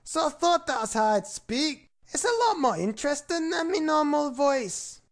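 A man's voice: extremely high pitch, big pitch swings, normal speed, gravelly, exaggerated voice. A man voicing a boisterous storyteller with a put-on Scottish accent, reading a comic rhyming children's story in a hammy, playful way. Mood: chatty.

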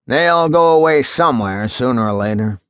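A man voicing a very old, gloomy judge who speaks slowly and solemnly. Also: mid-range voice, animated, fairly bright tone, clear, resonant tone, no room sound, studio quality, close to an everyday voice. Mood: musing. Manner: slow, ponderous, solemn. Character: very old brooding male judge, slow and gloomy.

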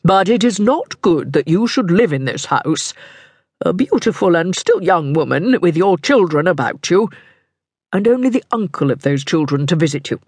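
A woman puts on a lowered, unhurried voice for a suave cardinal in his middle years, smooth and condescending. The delivery is slow and deliberate, in a dry, close recording. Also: animated, a little mellow, no echo. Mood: smooth, commanding. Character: suave, self-assured middle-aged male cardinal.

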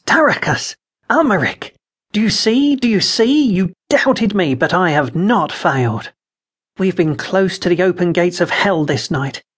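A man's voice: sits high, fairly bright tone. A man voicing a fervent conspirator sorcerer who speaks urgently and proclaims. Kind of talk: audiobook character reading.

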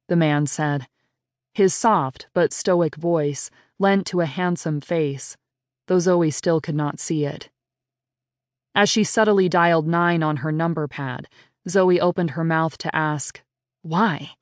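A woman narrating an audiobook in a measured, unhurried read on a studio mic. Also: sits low, no echo. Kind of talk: scripted narration.

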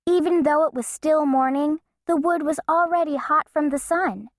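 A woman narrating a children's storybook in an expressive, playful way. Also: high-pitched, moderate pace, no echo, studio quality. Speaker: audiobook narrator.

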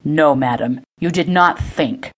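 A woman's voice: deep voice, animated, moderate pace. A woman voicing a powerful older nobleman who is stern and short-tempered. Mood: angry. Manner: stern, commanding.

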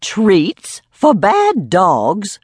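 A woman narrator voicing a stern, feisty elderly woman with sharp, commanding outbursts. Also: low voice, very animated, normal speed, dry recording, clean studio sound. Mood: outraged.

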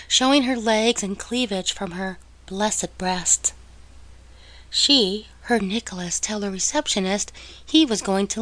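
A woman reads a novel aloud in a measured, even storytelling voice. Her pitch is middling and her pace is slow. The recording is dry, with no room sound. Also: no echo, rough recording. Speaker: audiobook narrator. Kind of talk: scripted audiobook narration.

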